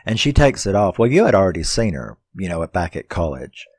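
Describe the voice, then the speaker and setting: A man's voice: low voice, big pitch swings, a little fast, darkish tone, breathy edge, dry recording. A man casually reviewing a horror film, rambling and swearing as he retells the plot with laughs. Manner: rambling, profane, laughing storytelling.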